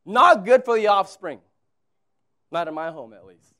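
High-voiced, lively preaching man. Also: a little slow. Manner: conversational preaching, swings from quiet to loud emphatic repetition. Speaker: pastor. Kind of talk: sermon.

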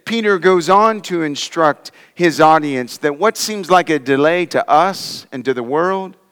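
A man's voice: measured pace, smooth. A man preaching a sermon, reading scripture and explaining it verse by verse, with dramatic rises and drops in his voice. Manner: dramatic swings in pitch and loudness, voices scoffers mockingly. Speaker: pastor. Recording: long hall reverb.

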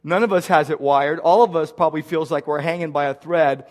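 A middle-aged pastor from the United States preaching a sermon, earnestly repeating key phrases for emphasis. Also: male voice, fairly high pitch, a little fast, a little mellow.

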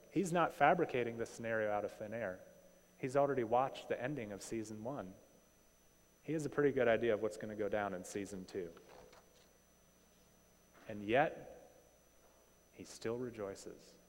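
A man preaching a sermon in a conversational, animated way, often asking rhetorical questions. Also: mid-range voice. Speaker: pastor. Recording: long hall reverb.

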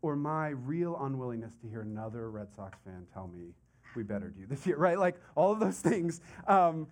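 A middle-aged man preaching a sermon as pastor, conversational and animated, with casual asides and repeated phrases. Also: mid-range voice, moderate pace.

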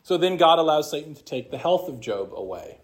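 A man's voice: on the high side, sing-song, fairly quick, slightly rough. A man teaching an apologetics class, explaining scripture in a conversational way and reading passages aloud.

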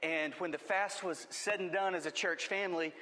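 A man's voice: high voice, steady tone, moderate pace, sharp tone, in a large hall, slight background noise. A man preaching a sermon as pastor, with impassioned, rising emphasis.

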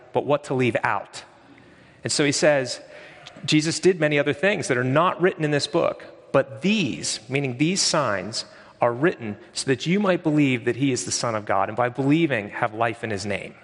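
A man's voice: a little high, fairly bright tone, in a large hall. A man preaching a sermon as pastor, conversational and emphatic, in a church sanctuary.

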